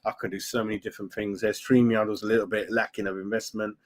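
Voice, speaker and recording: A man's voice: lowish voice, little pitch movement, fast talker. Chatty man live-streaming. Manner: chatty, opinionated, keeps adding "mate" and "right?". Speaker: fan channel live-stream host. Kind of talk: casual live-stream chat reading viewer comments.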